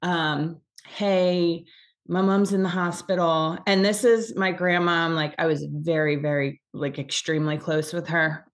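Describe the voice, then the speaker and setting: A woman's voice: lowish voice, fairly even intonation, measured pace. A young adult woman telling a personal story in a rambling, casual way, with many restarts and fillers, and getting choked up at times.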